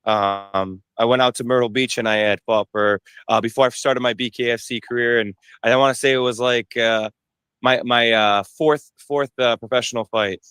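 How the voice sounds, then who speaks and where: A man's voice: mid-range voice, steady tone, moderate pace, a bit bright, smooth, dry recording. A young man, a fighter being interviewed, talking casually with many restarts and fillers. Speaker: bare-knuckle fighter, interview guest.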